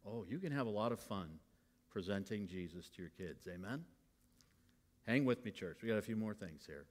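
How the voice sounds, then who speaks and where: A middle-aged male pastor preaching a sermon to his church, moving between hushed confiding and loud bursts. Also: lowish voice, lively intonation, normal speed. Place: church sanctuary. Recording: long hall reverb.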